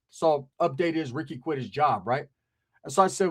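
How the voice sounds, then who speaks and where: A man's voice: fairly high pitch, fairly quick. A man casually telling a long, rambling story about family phone calls, swearing freely and checking in with "right?". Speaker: storyteller vlogger.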